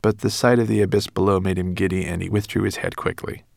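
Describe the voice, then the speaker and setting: A man narrating a children's storybook, expressive and voicing each character. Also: low-pitched, fast, vocal fry, no echo, clean studio sound. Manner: expressive, shifts voices for characters. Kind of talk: audiobook narration.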